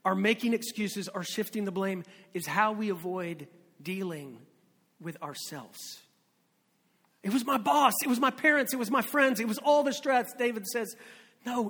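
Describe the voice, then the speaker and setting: High-voiced pastor preaching in a reverberant hall. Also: male voice. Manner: storytelling, voices dropping low and quiet for emphasis. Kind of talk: sermon.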